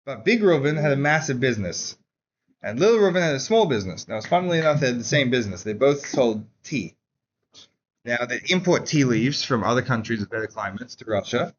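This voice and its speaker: Lively man teaching a Torah class. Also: medium pitch, a little fast, lo-fi sound, slight background noise. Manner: casual, animated storyteller, says "like" often. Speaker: Chassidus teacher. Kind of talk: Torah class lecture with storytelling.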